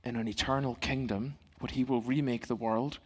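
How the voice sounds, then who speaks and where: Male pastor, middle-aged, church sermon, calm, gentle, conversational, medium pitch. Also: normal speed, breathy edge.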